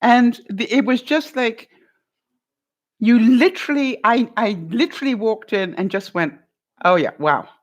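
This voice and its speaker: Speaking at a measured pace in a fairly high voice, an older woman livestreams from home, chatting casually with viewers. She laughs a lot and calls people by name as she answers the live chat.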